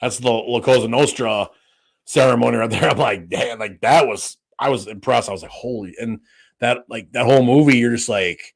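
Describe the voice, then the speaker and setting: A man with a brisk, creaky, mid-range voice co-hosts a podcast. He chats casually and rambles, with frequent fillers, restarts and free swearing.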